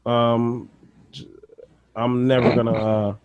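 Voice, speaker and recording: A man's voice: medium pitch, level tone, slow pace, darkish tone, smooth, no room sound, muffled recording. A man talking as a guest on a casual livestream, rambling with lots of fillers in a confessional way.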